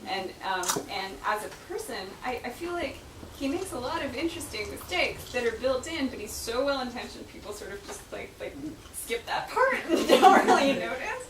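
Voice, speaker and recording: Chatty author in an echoey room. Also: female voice, high voice, sing-song, moderate pace. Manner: chatty, laughs often, many fillers. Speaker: author answering questions. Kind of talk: casual Q&A talk. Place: book event room. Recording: echoey room, distant mic, noisy.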